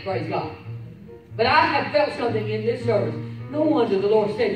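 A woman pastor preaching a sermon, fervent and swinging from loud exclamations to quiet storytelling. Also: fairly high pitch, lively intonation, normal speed, music in the background. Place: church sanctuary. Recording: echoey church, distant mic, faint hiss.

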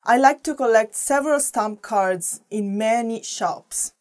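A woman's voice: fairly high pitch, unhurried, darkish tone. A woman with an Italian accent teaching vocabulary in a chatty, playful way, often laughing and asking viewers questions. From Italy. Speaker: language teacher. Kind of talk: casual vocabulary lesson to camera.

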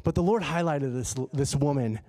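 A man preaching a sermon in a church, telling a personal story in a lively, conversational way. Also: on the high side, moderate pace. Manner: animated and conversational, acts out his own dialogue. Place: church sanctuary.

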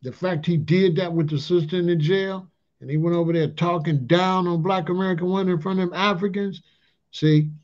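A talk-channel commentator with a high, darkish voice and a steady tone talks a little fast through a casual rant in loose street slang. Lines often end with "allegedly" or "you know what I'm saying." The sound is dull and lo-fi.

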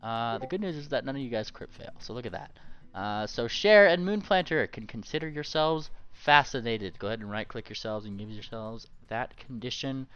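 Man, game master, tabletop game, matter-of-fact, smooth voice, dull lo-fi audio. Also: mid-range voice, expressive, normal speed, a bit bright, no room sound. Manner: matter-of-fact rules explanations. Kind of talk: running a tabletop game over voice chat.

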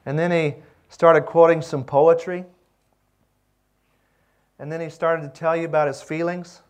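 Slow, reflective male lecturer. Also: a little high, flat delivery, clean tone. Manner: slow, reflective, with pauses and fillers. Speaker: seminary lecturer. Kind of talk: classroom teaching on pastoral care. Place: lecture room.

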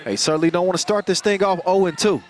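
A man calling a basketball game live, joking and energetic, getting louder on big plays. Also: high-pitched, quick pace. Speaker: play-by-play commentator. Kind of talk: live sports commentary. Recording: crowd and music under the commentary. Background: arena crowd and music.

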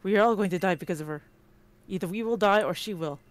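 Laughing woman reacting loudly to a game. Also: mid-range voice, fast talker. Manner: laughs often, loud reactions and swearing. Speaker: let's play co-host. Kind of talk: casual game commentary and reading dialogue.

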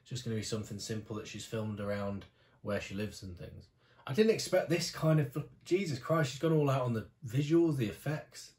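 A man's voice: medium pitch, fairly quick, a little mellow, reverberant. A young British man reacting to a music video, gushing and exclaiming as he is overwhelmed, with some swearing. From Britain.

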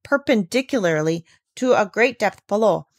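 A woman narrates a classic children's storybook aloud in a gentle, careful manner. Her voice sits in a middle range for a woman. The recording is dry and close, with little room sound. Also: medium pitch, animated, normal speed, no echo. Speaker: reader.

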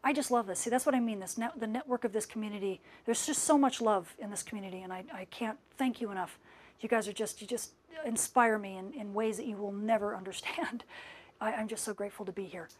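A woman's voice: medium pitch, steady tone, fast, slightly rough. A middle-aged woman hosting a live-stream Q&A, gushing with enthusiasm and thanks to viewers, her voice worn out after hours of talking. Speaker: space weather scientist hosting a live Q&A. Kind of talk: live-stream chat reading viewer comments.

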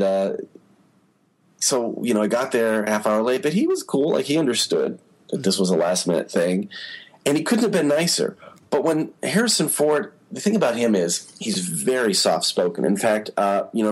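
A man's voice: fairly low pitch, husky, poor audio. A man talking as a podcast guest, telling stories casually with lots of filler words. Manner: chatty storyteller, many "you know" fillers. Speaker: entertainment journalist guest. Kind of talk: casual interview talk.

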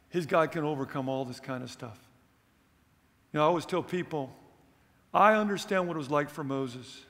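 A man's voice: fairly high pitch, a bit bright, big-room sound. A man preaching a missions sermon in a church, emphatic, with humorous asides and rising questions.

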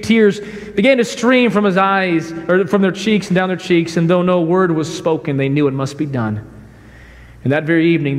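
A man preaching a sermon as pastor, emphatic, swinging from shouts to hushed, quiet lines. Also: fairly high pitch, big-room sound. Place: church sanctuary.

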